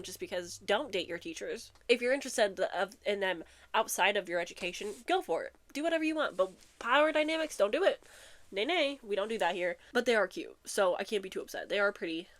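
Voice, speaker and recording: A woman's voice: mid-range voice, fast talker. Chatty, giggly young woman unboxing books. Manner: chatty, giggly, excitable asides. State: out of breath. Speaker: book unboxing vlogger. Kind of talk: casual chat and reading blurbs aloud.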